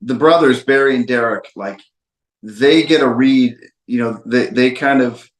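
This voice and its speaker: A man's voice: mid-range voice, unhurried, echoey room. A man, a documentary filmmaker guest, tells a story in an interview with emphatic repetitions. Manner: emphatic, repeats phrases for stress.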